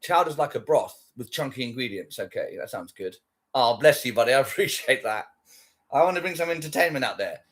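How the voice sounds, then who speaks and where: A man's voice: mid-range voice, lively intonation, brisk, a bit bright. A man chatting casually on a livestream, rambling and swearing while he answers viewers. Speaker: livestream host.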